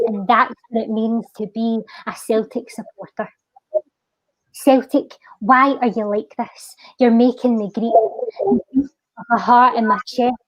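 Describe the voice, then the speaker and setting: A woman with a Scottish accent, pitched a little high, delivers spoken word poetry and casual chat in a lilting, heartfelt way. She eases her pace on the refrain. The sound is dry, with no room echo. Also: dull audio. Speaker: guest poet.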